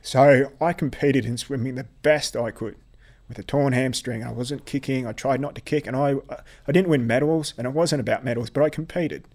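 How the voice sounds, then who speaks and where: Man recounting a painful story haltingly. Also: mid-range voice, darkish tone. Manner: halting, repeats words, restarts; blunt, swears when upset. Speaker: interviewee, veteran athlete. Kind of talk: personal storytelling.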